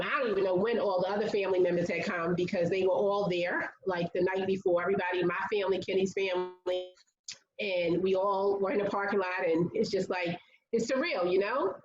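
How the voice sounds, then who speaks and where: This interview guest tells her own story openly and earnestly, her speech full of "like." Her medium-pitched voice comes through dull audio in a roomy space.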